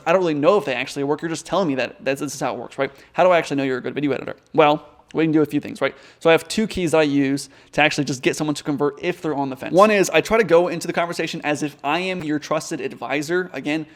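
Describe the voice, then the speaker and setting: A man coaching viewers in a casual advice vlog, with direct, conversational talk. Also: fairly high pitch. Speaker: online business coach.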